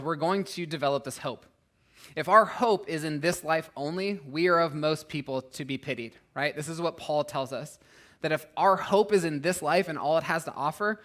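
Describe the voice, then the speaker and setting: A man's voice: a little high, fairly bright tone. A man in his thirties preaching a sermon as a pastor, earnest and conversational, with frequent "right?" asides and rising volume for emphasis. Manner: acts out voices and rises in volume for emphasis. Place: church.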